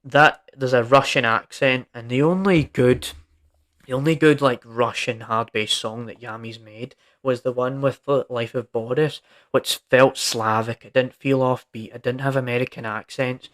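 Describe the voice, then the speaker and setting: A young man running a solo podcast in a loose, rambling way. He talks emphatically and informally, piling on fillers and checking in with "right?" as he goes. His voice sits at an ordinary middle pitch for a man. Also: fairly even intonation, moderate pace, fairly bright tone. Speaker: podcast host.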